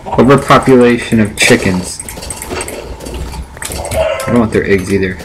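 A man's voice: lowish voice, measured pace. Man rambling over a noisy laptop mic. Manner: chatty, rambling self-talk to viewers. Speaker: let's play gamer. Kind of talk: casual gameplay commentary. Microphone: built-in laptop microphone.

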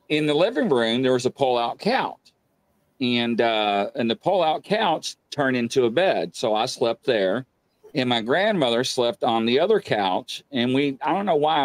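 A man's voice: mid-range voice, measured pace, dry recording. A middle-aged man, casually telling a ghost story and acting out the voices. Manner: animated, acts out quotes loudly. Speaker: guest telling paranormal experiences.

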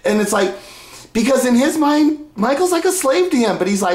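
A man's voice: very high voice, expressive, moderate pace. Casual male reaction commentator, loose and rambling, roomy sound. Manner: rambling, sighs and laughs, restarts.

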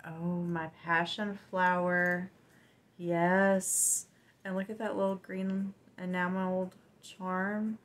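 A woman's voice: lowish voice, flat delivery, rough recording. A woman vlogger chatting casually and gushingly as she unboxes gifts. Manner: warm, gushing, unhurried.

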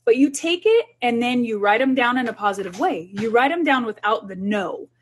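A woman's voice: fairly high pitch, expressive, normal speed, slightly rough. A middle-aged woman, a child development specialist, giving down-to-earth parenting advice in an informal talk, earnest and often repeating herself.

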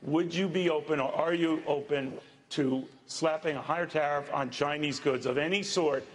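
A man's voice: on the high side, fairly even intonation, normal speed, a little hiss or hum. A man moderating a debate, pressing for a direct answer. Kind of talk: debate questioning.

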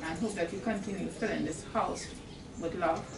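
A woman presenting a gift on behalf of an organization with a soft, formal blessing. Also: lowish voice, steady tone, moderate pace, creaky. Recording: echoey, distant, noisy.

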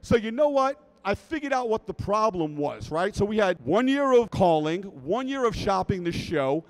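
Animated, high-voiced man telling a story. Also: normal speed, low-quality recording. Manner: animated, keeps checking in with "right?". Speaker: speaker at a fan convention. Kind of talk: comic storytelling to a live audience.

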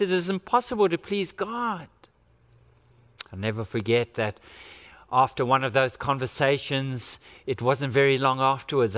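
A man's voice: sits high, bright, forceful tone. A man preaching a sermon as pastor, earnest and acting out the quotes he reads. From Australia. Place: church. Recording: church hall reverb.

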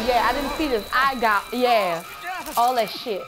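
A woman with a fairly high voice narrates her gameplay in a loose, profane, trash-talking manner. Game music hums faintly behind her. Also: measured pace. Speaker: gamer streamer. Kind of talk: casual gameplay commentary.

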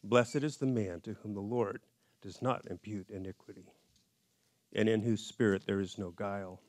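A man giving a conversational Bible study in a church, in a casual and relaxed way with folksy asides. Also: on the low side, moderate pace, dry recording. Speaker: Bible teacher.

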